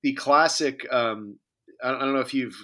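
A man's voice: mid-range voice, moderate pace, pushed and bright. A man co-hosting a podcast in casual chat, joking and rambling with many fillers and restarts. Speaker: podcast co-host.

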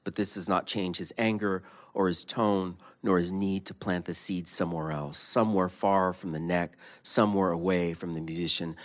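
A man, a poet, reading his prose aloud and then chatting casually about his art, animated and given to quick mimicry. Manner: animated, jumps into high-pitched mimicry of others. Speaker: poet and guest.

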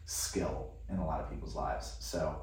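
A man's voice: very deep voice, a little slow, darkish tone. A man from the Philippines, a coach and podcast guest, giving earnest, encouraging advice. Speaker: guest, sales and leadership coach. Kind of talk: casual interview chat. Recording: echoey room, distant mic.

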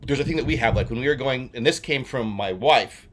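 A man in his forties from New Jersey, co-hosting a casual chat and telling stories he acts out with shouts. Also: medium pitch, brisk. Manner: animated storyteller, acts out shouts. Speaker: podcast co-host.

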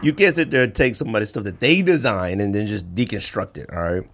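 A man's voice: fairly low pitch, fast, a bit bright. A man co-hosting a podcast in casual chat, emphatic and teasing as he argues about sneakers. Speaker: podcast co-host.

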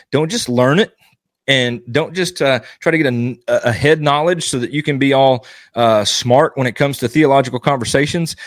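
A man's voice: medium pitch, no echo. Baptist preacher guy, earnest, keeps hammering the same points, dry close recording. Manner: earnest, exhorting, repetitive emphasis. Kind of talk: informal devotional teaching.

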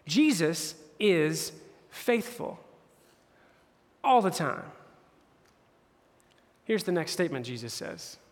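Retelling scripture in everyday slang and briefly acting out the characters, this male campus pastor gives a relaxed, chatty sermon. He speaks slowly with frequent pauses, his pitch on the high side and swinging widely, all in a reverberant hall.

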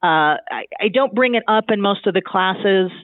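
A man from Southern California, a guest telling stories in a chatty, animated way with frequent restarts. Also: sits high, moderate pace, no room sound. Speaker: guest, divinity student. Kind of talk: casual conversation. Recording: thin phone-like dry line.

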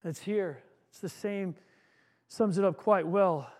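A man's voice: high voice, slow, a little mellow. A male pastor preaching an earnest sermon, repeating words as he goes and acting out a story.

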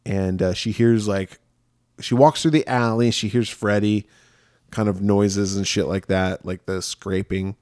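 A man co-hosting a podcast, casually recapping a film and acting out characters in high falsetto voices. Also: steady tone, a little slow, a little mellow, dry recording, studio quality. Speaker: podcast co-host.

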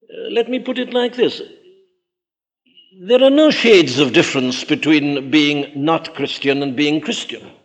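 An emphatic male preacher delivering a sermon. His voice sits a little high for a man and swings widely in pitch, leaping up on key words and sinking low and quiet for contrast. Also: animated, unhurried, highs cut off.

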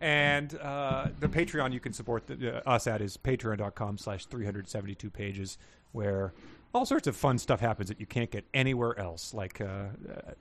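A man's voice: medium pitch, steady tone, moderate pace, a bit bright, a little hiss or hum. A man co-hosting a podcast, chatting casually and reading book passages aloud with laughing asides. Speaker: podcast co-host.

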